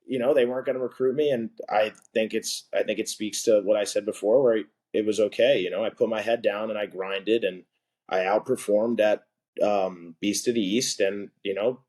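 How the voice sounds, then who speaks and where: Speaking fairly low and a little mellow, a young man rambles through a casual story as a podcast guest, leaning heavily on "like."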